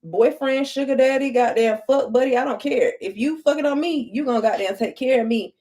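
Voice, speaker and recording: A woman's voice: high-pitched, a little fast, dark tone. Profane, chatty young woman vlogger. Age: young adult. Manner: blunt, profane, chatty, talks to viewers. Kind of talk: casual storytelling get-ready-with-me.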